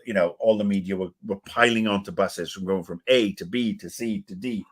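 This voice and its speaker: A man's voice: on the low side, brisk, breathy edge. A middle-aged British man co-hosting a casual podcast, opinionated and rambling, swearing and restarting his sentences. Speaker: podcast co-host.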